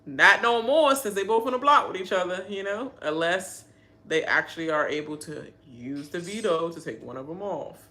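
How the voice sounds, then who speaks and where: Bright-voiced woman ranting about TV. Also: fairly low pitch, normal speed. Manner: animated, laughs often, mimics people. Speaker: reaction video host. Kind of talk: live TV reaction and rant.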